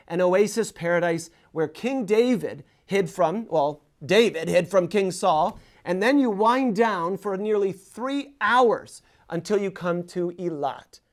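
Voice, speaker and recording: A man hosting a scripted travel talk, listing places in a lively, humorous way. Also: high-pitched. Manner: lively, humorous list-making. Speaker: host.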